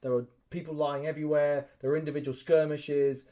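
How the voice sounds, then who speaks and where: A podcast co-host with a slightly high voice tells a story a little fast in casual chat. He's an animated storyteller who acts out the quotes and swears.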